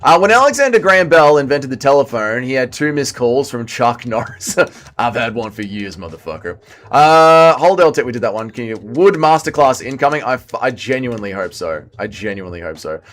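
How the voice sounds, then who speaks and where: A man's voice: medium pitch, expressive, a little fast, a bit bright. A man, casually chatting and reading chat aloud while livestreaming a fighting game. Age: 30s. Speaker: streamer. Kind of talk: casual livestream gaming commentary.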